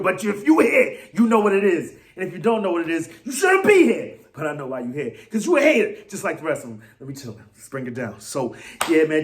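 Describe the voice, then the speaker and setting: High-voiced excitable male fan vlogger. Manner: excitable and rambling, with slang and restarts. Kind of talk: casual fan rant to camera.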